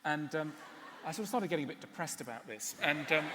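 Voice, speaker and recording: A man giving a public talk and answering questions, wry and animated, often stopping on fillers. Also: on the high side, fast talker, in a large hall, slight background noise. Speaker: speaker. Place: large hall.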